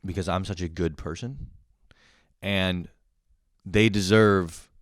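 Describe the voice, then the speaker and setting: Deep-voiced and slow, with fairly even intonation, a young man tells a profane, meandering story on his podcast and often laughs at himself. The recording is dry, at studio quality.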